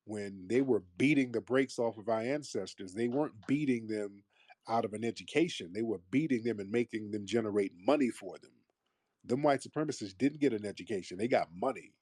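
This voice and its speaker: A man's voice: fairly low pitch, a little fast, a little mellow, dry recording, studio quality. A man hosting a call-in talk show, blunt and combative, mocking his callers. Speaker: host.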